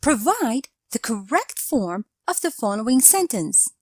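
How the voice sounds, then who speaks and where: Woman grammar teacher for a scripted lesson, slow and measured, bright-ish higher voice, dry close sound. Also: big pitch swings, breathy edge, no room sound. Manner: measured, explanatory delivery reading out example sentences.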